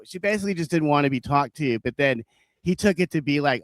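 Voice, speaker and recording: A man telling a story in casual chat, blunt and profane, with animated delivery. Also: fairly high pitch, brisk, no room sound.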